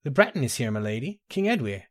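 A man's voice: mid-range voice, very animated, fast. A man voicing a hesitant female servant. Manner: hesitant, polite.

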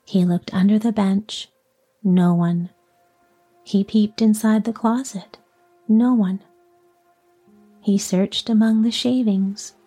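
Female storyteller for children's tales: soft, mellow, unhurried, drops to whispers. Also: mid-range voice, fairly even intonation, husky, faint music behind. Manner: soft, slow, partly whispered. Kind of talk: storybook narration.

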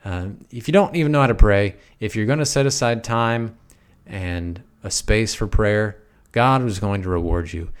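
Folksy low-voiced man teaching on prayer. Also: normal speed, clear, resonant tone. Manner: conversational, folksy, with emphatic repetitions. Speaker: preacher. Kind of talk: relaxed spiritual teaching talk.

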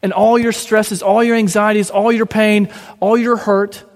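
A gentle, encouraging male preacher with a fairly high voice builds his points through repeated phrases. His words ring out with a long reverb in a large room. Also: level tone, measured pace. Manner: gentle, encouraging, repetitive lists. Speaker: pastor. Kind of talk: sermon with closing prayer.

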